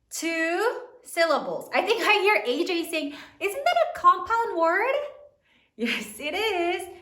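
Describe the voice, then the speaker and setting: Slow lively-voiced woman teacher, echoey room. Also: high-pitched. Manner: slow, sounds out each letter and syllable; praises often, asks questions to students. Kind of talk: spelling lesson for third graders.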